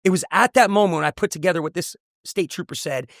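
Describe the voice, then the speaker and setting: Fast-talking man with a gravelly voice. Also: high voice, fairly bright tone, no echo, clean studio sound. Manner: intense, earnest storytelling with repetitions. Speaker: motivational speaker and coach. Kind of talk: emotional personal testimony.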